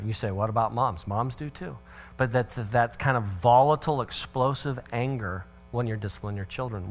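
A middle-aged man giving a sermon-style talk on parenting, an animated storyteller who acts out voices. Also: a little high. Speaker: speaker on parenting.

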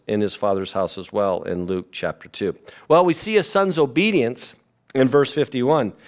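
Casting: male pastor, mid-pitch, chatty and joking in the pulpit. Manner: conversational, joking, with frequent fillers. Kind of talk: sermon.

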